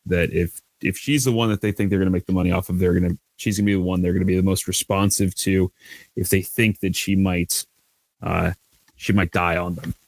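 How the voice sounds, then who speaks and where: A man's voice: sits low, flat delivery, a little fast, creaky, no room sound. A man playing in a tabletop role-playing game, laying out his plan with lots of hesitant restarts. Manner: hesitant, many restarts, acts out shouted lines. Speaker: player. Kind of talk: tabletop role-play, in and out of character.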